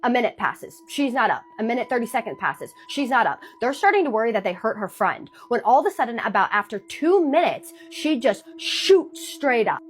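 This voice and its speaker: A woman's voice: a little high, sing-song, soft background music. A woman narrating a true scary story in a chatty, dramatic storytime manner. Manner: chatty, dramatic retelling with pauses.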